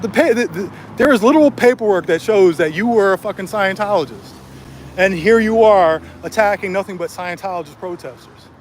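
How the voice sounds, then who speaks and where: A man's voice: high voice, fairly quick, a little hiss or hum. A man ranting angrily on a livestream from a city street, swearing and taunting a rival, recorded on a cell phone. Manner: angry, profane, taunting.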